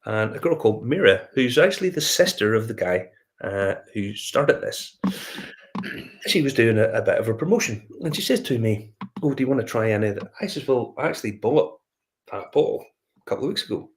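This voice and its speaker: A man's voice: mid-range voice, big pitch swings, normal speed, slight background noise. A Northern Irish man hosting a whiskey review show, telling a rambling anecdote in casual chat, full of fillers and restarts. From Northern Ireland.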